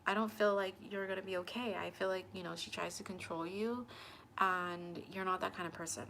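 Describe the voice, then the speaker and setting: A young woman talks straight to camera, telling a personal story in a loose, chatty way. She acts out the back-and-forth of conversations. Her voice sits at a middle pitch over a faint background hiss. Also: brisk, creaky. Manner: animated, acts out both sides of conversations. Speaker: tarot channel host.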